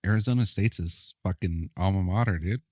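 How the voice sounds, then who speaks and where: A man's voice: deep voice, fairly quick, darkish tone, no echo, clean studio sound. A young man chatting casually while playing a football video game, laid-back, profane and often laughing. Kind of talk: casual gameplay chat.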